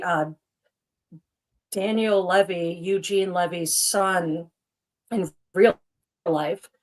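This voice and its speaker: A woman co-hosting a casual chat show who rambles, restarts her sentences and laughs at herself. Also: lowish voice. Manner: chatty and rambling, full of "like" and restarts.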